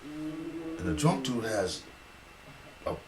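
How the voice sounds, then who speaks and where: A man's voice: fairly high pitch, very slow, echoey room, a crowd in the background. A man telling a funny neighborhood story in casual style, laughing and acting out voices. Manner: animated, laughs at own story, acts out voices.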